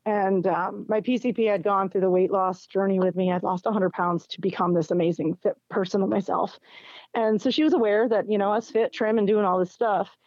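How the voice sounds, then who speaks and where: A woman's voice: mid-range voice, a little fast, no echo. A middle-aged woman, an interview guest, telling a personal story in casual chat and acting out what others said. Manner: animated, acts out quoted dialogue with laughs. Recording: dull, dry lo-fi recording.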